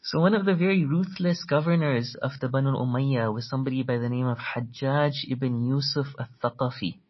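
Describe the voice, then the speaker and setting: A man giving a storytelling religious lecture, earnest, quickly reciting Arabic quotations between his explanations. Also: mid-range voice, muffled recording. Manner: earnest, tells stories, quotes Arabic quickly.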